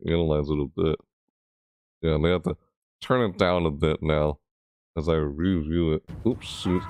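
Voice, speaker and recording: A man giving casual reaction commentary on a gaming video, thinking aloud in rambling, stop-start asides and breaking into loud screeching imitations. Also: low-pitched, no echo, clean studio sound.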